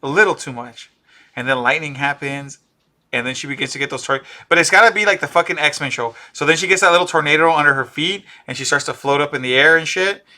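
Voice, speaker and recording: Excitable man with a bright, forceful voice. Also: on the high side, fast. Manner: animated, excitable, riffs on ideas and laughs. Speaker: podcast co-host. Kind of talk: casual pop-culture chat.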